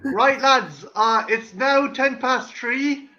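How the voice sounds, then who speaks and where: A man's voice: extremely high pitch, takes it slowly, pushed and bright, lo-fi sound. A man in a late-night casual group chat, rambling and riffing profane bits.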